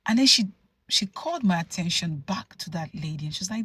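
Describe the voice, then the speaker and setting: A woman from Nigeria telling a personal story to camera in an animated, conversational way, full of asides. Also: on the low side, fairly quick, slightly rough. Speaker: vlogger. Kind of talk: storytelling vlog.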